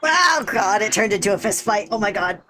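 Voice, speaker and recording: A woman's voice: mid-range voice, steady tone, quick pace, background noise. A woman livestreaming a game, chatting casually, thinking aloud and laughing easily into a desk microphone. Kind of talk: casual gaming commentary.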